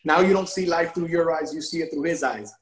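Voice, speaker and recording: A man's voice: fairly high pitch, brisk. Man, casual interview storytelling, emotional, restarts a lot, echoey room. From Miami area. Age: adult father of a young son. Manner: animated, emotional, repeats words when restarting. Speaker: interview guest.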